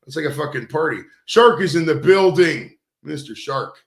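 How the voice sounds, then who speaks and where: A man's voice: on the high side, lively intonation, moderate pace, roomy sound. A man hosting a casual stoned chat, rambling at length and swearing, calling everyone dude. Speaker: host. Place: studio.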